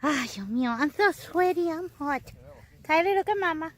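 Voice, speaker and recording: A mother vlogging outdoors at a farm, talking slowly to her toddler in coaxing baby talk and making animal sounds. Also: high-pitched, lively intonation, fairly bright tone. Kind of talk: casual vlog narration while talking to a toddler. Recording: noisy outdoor camera audio. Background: outdoor noise and animals.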